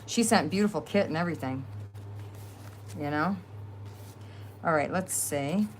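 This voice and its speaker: A woman's voice: low-pitched, measured pace, slight background noise. A middle-aged woman with a New Jersey accent, hosting a casual crafting livestream in a chatty, rambling way, laughing often. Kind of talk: casual live-stream chat.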